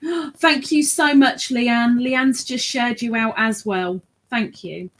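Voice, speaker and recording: A woman's voice: a little high, slow, fairly bright tone. A woman co-hosting a livestream who teases the host and prods her with questions. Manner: teasing, prodding interviewer. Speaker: co-host prompting the host. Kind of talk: casual live-stream chat.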